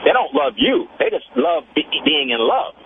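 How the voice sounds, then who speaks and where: A man's voice: on the high side, big pitch swings, moderate pace, gravelly. A man in his twenties calling a radio talk show and telling a boastful story in slangy, casual chat over a phone line. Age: 20s. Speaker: caller. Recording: tinny phone line with faint hiss.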